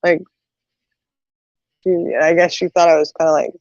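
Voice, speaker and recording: A middle-aged woman hosts a casual chat, animatedly retelling everyday stories packed with asides. Her voice is deep and her speed normal, with no room sound, though the recording comes across dull and a little muffled.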